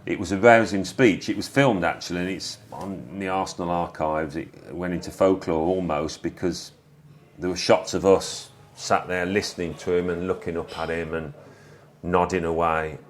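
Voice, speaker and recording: Low-voiced English man telling football stories. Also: normal speed. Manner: relaxed, anecdotal, with frequent small restarts. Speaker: interview guest, former footballer. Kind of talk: reflective conversational storytelling.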